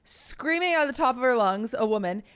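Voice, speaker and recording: Animated woman telling a story. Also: a little fast, clear, resonant tone. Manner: animated storyteller, acts out quotes in high voices. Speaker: podcast co-host. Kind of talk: casual chat.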